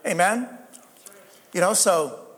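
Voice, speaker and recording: A man's voice: sits high, lively intonation, a little slow, fairly bright tone, long reverb tail. A man preaching a sermon as a pastor, earnest, asking rhetorical questions and calling for amens.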